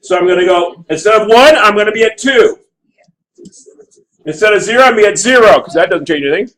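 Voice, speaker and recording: This high-sitting male voice belongs to a fast talker, captured on a rough recording. He's lecturing a math class, animatedly walking through graphs out loud and pausing to have students check his work.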